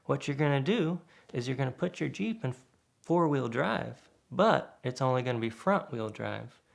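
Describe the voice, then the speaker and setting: A man's voice: medium pitch, lively intonation, normal speed, vocal fry. A man voicing a friendly older off-roader who gives laid-back, folksy advice. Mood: instructive.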